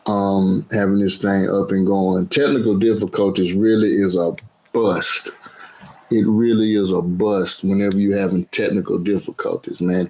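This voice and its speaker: Slow-talking man hosting a live stream. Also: sits low, a little mellow, low-quality recording. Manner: casual, chatty, greets viewers by name; repeats phrases over and over. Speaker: cooking channel host. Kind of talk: live-stream chat with viewers.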